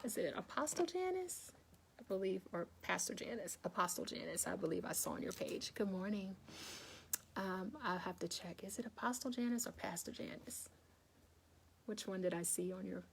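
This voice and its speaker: A woman's voice: mid-range voice, normal speed, vocal fry, a little hiss or hum. A woman hosting a casual live stream, chatting with viewers, laughing often and greeting commenters by name. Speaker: wellness livestream host. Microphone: phone or webcam facing her.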